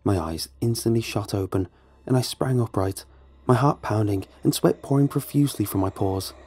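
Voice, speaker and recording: A man narrating a first-person horror story in a measured, somber way. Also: mid-range voice, gravelly, warm tone, breathy edge.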